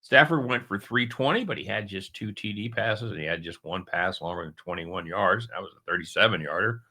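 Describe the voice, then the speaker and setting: A man's voice: deep voice, expressive, fairly quick, pushed and bright. A man giving a casual sports betting preview straight to his viewers, chatty and jokey, with a caramel in his mouth.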